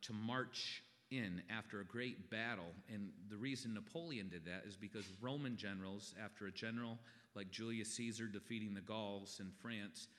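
A man's voice: fairly low pitch, moderate pace, fairly bright tone. A middle-aged man preaching a sermon as a pastor in a folksy, conversational way. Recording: long reverb in a hall.

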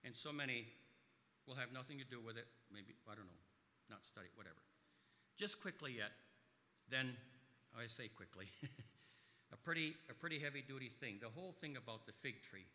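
Bright-voiced preacher in a reverberant hall. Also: male voice, medium pitch, expressive, normal speed, pauses often. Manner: emphatic, swings between loud stresses and quiet asides. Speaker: pastor. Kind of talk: sermon.

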